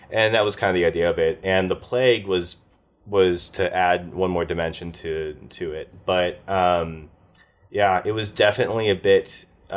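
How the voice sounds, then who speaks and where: A man with a very deep voice looks back on the tabletop campaign he ran as game master. He talks casually and rambles, stopping often with fillers and restarts. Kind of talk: casual post-game chat.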